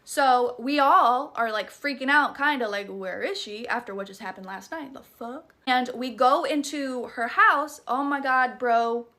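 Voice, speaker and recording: A woman's voice: sits high, a little slow, few pauses, bright, forceful tone. A woman with a Southern US accent telling a spooky personal story in a chatty, profane, dramatic way. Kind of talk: casual storytime vlog.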